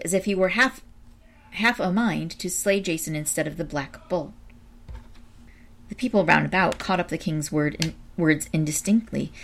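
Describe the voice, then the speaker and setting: A woman reading a storybook aloud with a low, gravelly voice. Her reading is measured and expressive. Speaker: narrator.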